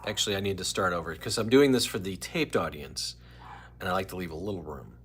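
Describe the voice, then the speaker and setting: A man's voice: deep voice, fast talker, fairly bright tone, breathy edge. A man hosting a casual live stream from home, rambling and chatty as he greets viewers by name.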